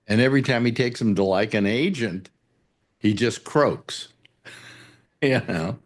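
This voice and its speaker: A radio talk show host with a medium-pitched voice speaks a little slowly. He tells jokes and rambling stories in casual chat, breaking into sung and acted voices.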